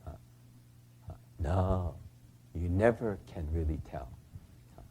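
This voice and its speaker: A man's voice: deep voice, slow pace, dark tone, slight background noise. An older man from California, a Buddhist minister giving a folksy storytelling talk, acting out the characters and often asking "huh?".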